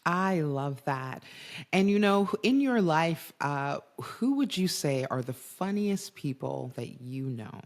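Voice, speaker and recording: A woman's voice: sits low, animated, slow. A woman hosting an interview podcast, asking questions and cheering her guest on. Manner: warm, encouraging, laughs often. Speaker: podcast host. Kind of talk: interview conversation.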